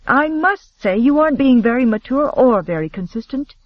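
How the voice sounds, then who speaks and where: A man's voice: very high-pitched, expressive, moderate pace, no room sound, lo-fi sound, voice pushed up. A man voicing a proud, prickly young female aristocrat in an audiobook, speaking in a cool, indignant, clipped way. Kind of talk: audiobook character voice.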